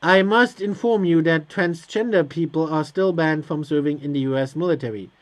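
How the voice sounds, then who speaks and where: His pitch is fairly high and his speed normal. Hosting a let's play, he casually comments on the game, voicing its on-screen text and replying with sarcastic, hesitant quips.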